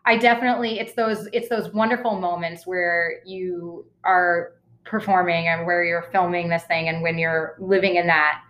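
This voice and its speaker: A woman's voice: fairly low pitch, flat delivery, moderate pace, a bit bright. A young woman, an actress, chatting casually as an interview guest, talking in a loose way with fillers and frequent laughs. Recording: roomy echo.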